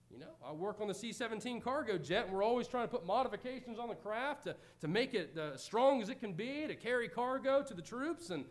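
High-voiced man preaching earnestly. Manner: earnest, swings from loud pleading to quiet reflection. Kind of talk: sermon.

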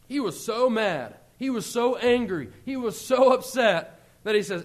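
A man preaching a conversational sermon, often swelling to loud emphasis. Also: very high voice, expressive, measured pace, few pauses.

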